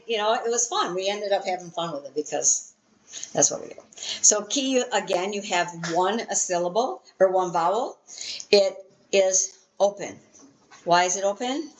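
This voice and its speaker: A woman leads an introductory Hebrew class from a textbook. Her voice sits in a middle pitch. She explains patiently, step by step, with frequent "um"s between points. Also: a little hiss or hum, low-quality recording. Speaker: Hebrew teacher.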